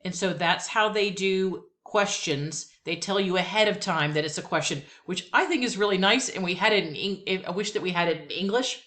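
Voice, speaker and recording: A woman teaching a Spanish lesson, patiently repeating each phrase slowly twice, with chatty asides between drills. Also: lowish voice, a bit bright. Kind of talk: language lesson.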